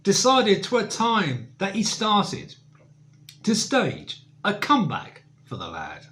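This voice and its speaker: A man's voice: high voice, wildly swooping pitch, takes it slowly, fairly bright tone. A man reciting a comic verse monologue as a birthday tribute, with hesitant asides in between.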